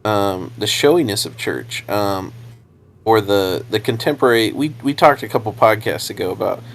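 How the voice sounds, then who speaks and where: A man's voice: fairly low pitch, expressive, moderate pace, gravelly. A young adult man, a preacher co-hosting a podcast, chatting casually in a rambling way, repeating words and laughing often.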